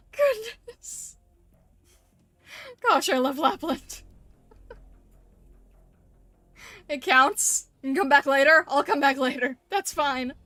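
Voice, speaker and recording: A woman streaming a game, chatting excitedly with frequent laughs and gushing exclamations, and reading story dialogue aloud. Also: sits high, takes it slowly, long pauses, no echo. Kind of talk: casual gameplay commentary, reading story lines aloud.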